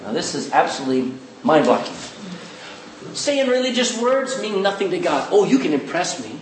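A man preaching a sermon as pastor, animated, slipping into quick voices for the people he mimics. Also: high voice, slight background noise. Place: church. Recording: echoey church hall, distant mic.

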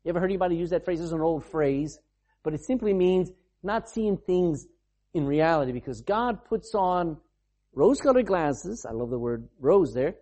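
A male preacher delivers a sermon in a lively, conversational manner, talking straight to his listeners. His voice is husky and mellow. His pitch swings widely as he speaks. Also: moderate pace. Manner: animated, conversational preaching with asides and laughs.

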